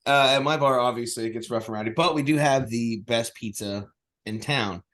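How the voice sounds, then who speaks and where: A man's voice: mid-range voice, moderate pace, a bit bright. Laughing, foul-mouthed male podcast storyteller. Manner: laughing, profane storytelling with acted quotes. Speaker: podcast co-host, bartender. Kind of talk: casual podcast chat. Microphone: remote call mic.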